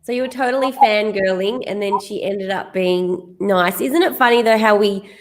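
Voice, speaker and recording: A woman's voice: mid-range voice, normal speed. Enthusiastic woman podcast host. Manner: enthusiastic, asks leading questions. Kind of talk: casual interview.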